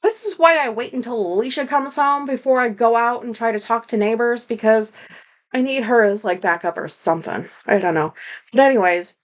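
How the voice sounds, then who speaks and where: A woman vlogger with a slightly high voice tells a rambling, candid story straight to camera. She fills her speech with "like," swears freely and pokes fun at herself. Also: fairly quick. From United States. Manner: rambling, heavy use of "like", candid, swears, self-deprecating. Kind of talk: casual storytelling monologue.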